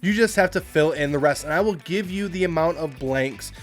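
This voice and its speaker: Male quiz host, a bit high-pitched, reads clues then chats offhand; light music bed. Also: a little fast. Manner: reads quotes aloud, then comments casually with asides. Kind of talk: hosting a movie trivia quiz.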